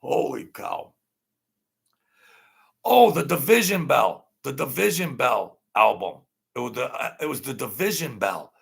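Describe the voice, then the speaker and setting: A man hosting an unscripted live-stream chat, rambling and animated, laughing often as he talks. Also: mid-range voice, a little slow, gravelly, breathy edge. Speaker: channel host.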